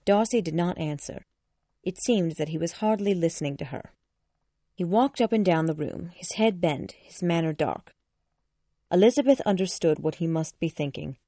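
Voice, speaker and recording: A woman narrating a storybook in a steady, clear reading voice. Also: lowish voice, moderate pace, no room sound. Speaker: audiobook narrator.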